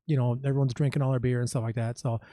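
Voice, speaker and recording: A man, a musician guest on a podcast, telling stories in casual chat with many pauses and restarts. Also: medium pitch, little pitch movement, dark tone, dry recording. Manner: halting, many ums and restarts.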